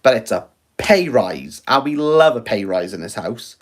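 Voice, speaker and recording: A man's voice: mid-range voice, sing-song, normal speed. A man with a Welsh accent chatting casually on a phone livestream from home, rambling and joking at his own expense. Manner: rambling, self-mocking and jokey. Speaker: book reviewer livestreaming.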